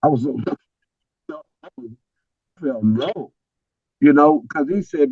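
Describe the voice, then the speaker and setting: An older man on a video call, telling a personal story as a guest, animated and often repeating words as he restarts. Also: medium pitch, a little slow, pauses often, husky, dry recording, highs cut off.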